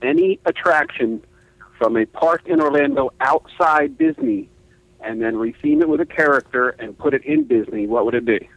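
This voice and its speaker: A man's voice: medium pitch, expressive, normal speed, dry recording, rough recording. A man from Kentucky calling in to a show with a question, friendly and easygoing. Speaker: caller. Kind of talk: phone call-in question.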